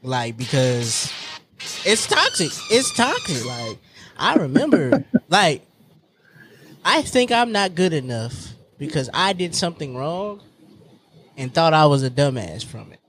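A man with a high voice that swings widely, talking in an easygoing group chat. He jokes and laughs a lot while sharing personal thoughts. Faint noise sits behind him. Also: a little slow. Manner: animated, laughs often, jumps between jokes and confessions.

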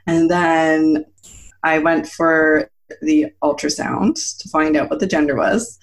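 Animated woman telling a story. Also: sits low, measured pace. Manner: animated, laughs often, acts out quotes. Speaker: guest. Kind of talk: casual storytelling.

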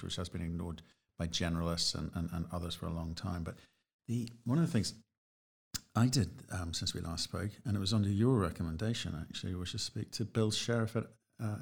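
A man with a low voice hosts a casual interview. He talks in a measured, reflective way and often restarts his phrases as he works through a point. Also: vocal fry.

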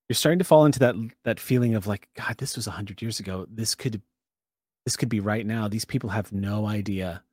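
A man's voice: lowish voice, a little mellow, no echo. Game master, a man, conversational storytelling, dry close sound. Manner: descriptive, conversational narration with fillers. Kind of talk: narrating a tabletop game.

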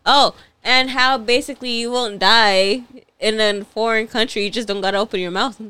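A young woman chatting on a casual podcast, teasing her friends and laughing as she talks. Her voice is smooth and clear with a bright edge. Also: a little high, fairly even intonation, moderate pace. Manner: teasing, laughs while talking. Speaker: podcast co-host. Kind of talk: casual chat.

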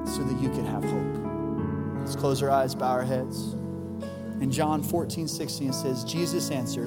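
A man pastor delivering an Easter sermon, earnest and emphatic, rising to loud peaks and dropping soft for tender lines. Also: fairly high pitch, unhurried. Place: large church hall. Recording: live church hall with long reverb and soft music.

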